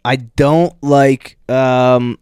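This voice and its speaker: A man's voice: medium pitch, fairly even intonation, drawn-out words, a little mellow, smooth, no room sound, studio quality. Easygoing young man co-hosting a podcast. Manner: easygoing, agreeable, tells little anecdotes. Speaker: podcast co-host. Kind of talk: casual chat.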